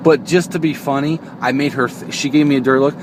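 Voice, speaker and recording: A man's voice: mid-range voice, fairly even intonation, fast. A young man vlogging from behind the wheel, chatting casually and joking, into a phone stuck to the car window. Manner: rambling, joking, self-interrupting. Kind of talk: casual chat to camera. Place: inside a car, driving. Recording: road noise inside a car.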